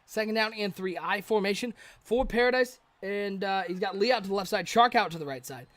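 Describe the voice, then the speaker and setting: Fast, bright-voiced man calling plays. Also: high voice, no echo. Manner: rapid, excitable calls that rise on big plays; chats with the live chat between plays. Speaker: play-by-play commentator. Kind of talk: live video game play-by-play commentary.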